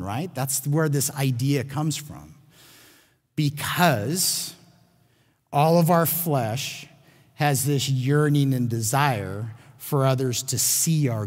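A man's voice: a little high, big-room sound. A man teaching a sermon on a Bible passage, earnest and emphatic, often restarting his phrases. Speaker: pastor.

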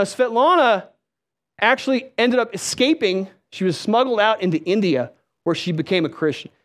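Man, preacher, sermon, lively swooping pitch, animated storytelling, church stage. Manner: storytelling, animated, calls out to the crowd.

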